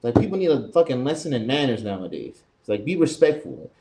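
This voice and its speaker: A young man co-hosting a casual podcast, telling a long, animated, profane anecdote full of reported speech. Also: medium pitch, quick pace. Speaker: podcast co-host. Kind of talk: casual storytelling chat.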